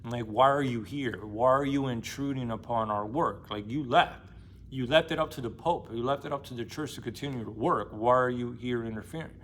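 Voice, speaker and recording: A stern, scolding old inquisitor of ninety who demands to know why he is being interfered with, as a man retells him. The voice sits at an ordinary middle pitch and stays close to the storyteller's own easygoing speech, with a faint hiss of background noise. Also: moderate pace, a bit bright, close to an everyday voice. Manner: casual retelling in everyday slangy speech.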